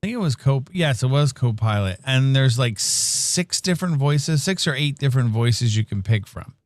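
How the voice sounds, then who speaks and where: A man's voice: medium pitch, moderate pace, no echo. A man co-hosting a casual podcast, telling a story with lots of laughter and acting out the voices he quotes. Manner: animated storyteller, laughs often, acts out quoted dialogue. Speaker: podcast co-host. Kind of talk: casual chat on a livestreamed podcast.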